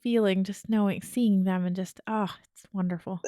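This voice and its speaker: A woman's voice: mid-range voice, steady tone, normal speed, warm tone, dry recording, studio quality. A woman hosting an interview, answering with short sympathetic responses. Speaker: podcast host.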